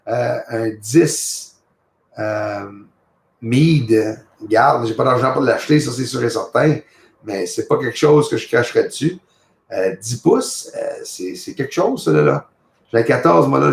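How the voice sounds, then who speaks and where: A man with a Quebec French accent hosts a casual livestream from home, greeting his viewers by name in a rambling, friendly way. His voice sits at an ordinary pitch with a gravelly, fry-edged texture. The room around him rings with a noticeable echo. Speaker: livestream host.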